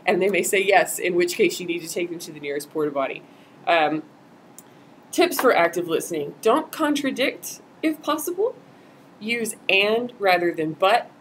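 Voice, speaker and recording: A woman's voice: mid-range voice, slight background noise, low-quality recording. A woman volunteer trainer giving a casual live-streamed training talk, acting out example quotes as she goes.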